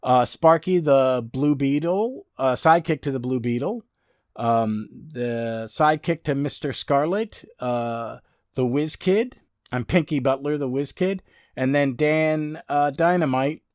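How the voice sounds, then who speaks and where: A man's voice: mid-range voice, a little slow, no room sound, clean studio sound. A man hosting a comic book podcast, recapping issues in a rambling way full of fillers and restarts.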